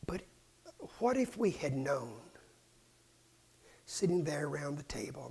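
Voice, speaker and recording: A man preaching a sermon, dropping to hushed whispers and rising to loud, fervent cries. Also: on the high side, very animated, a little slow, gravelly, long pauses, slight background noise.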